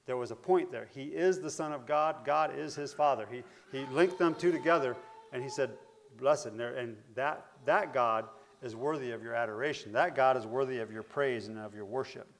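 A man teaching from scripture in a plain, mid-pitched voice. He talks in a loose, thinking-aloud way, restarting phrases and leaning into the verses he quotes. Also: moderate pace, creaky. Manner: conversational, searching, with fillers and restarts. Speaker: preacher. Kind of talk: Bible teaching sermon.

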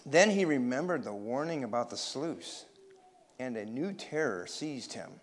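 A man reading a children's story aloud, expressive and pausing to ask his listeners questions. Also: medium pitch.

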